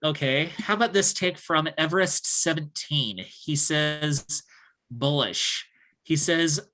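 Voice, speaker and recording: Slow, halting co-host. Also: medium pitch, bright, forceful tone. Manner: slow, halting, many fillers. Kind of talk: casual chat.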